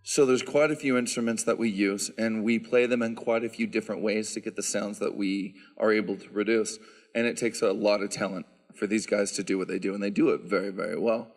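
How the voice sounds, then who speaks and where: A man's voice: on the low side, a little fast. Man talking in a reverberant church. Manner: explanatory, relaxed, lots of "um" fillers. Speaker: bell choir director. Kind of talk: Q&A with concert audience. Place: church sanctuary.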